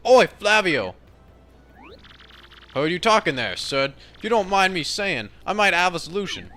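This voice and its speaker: A man voicing a gruff, eager bomb sailor with rough, slangy speech. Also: high voice, sing-song, normal speed, pushed and bright, soft background music, pitched above the performer's own voice, full character voice. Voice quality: rough dropped-letter slang.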